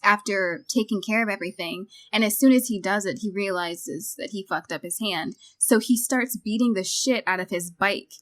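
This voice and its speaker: A woman's voice: medium pitch, moderate pace, hardly any pauses. A woman co-hosting a podcast, casually discussing a film and retelling its scenes with quoted lines. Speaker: podcast co-host.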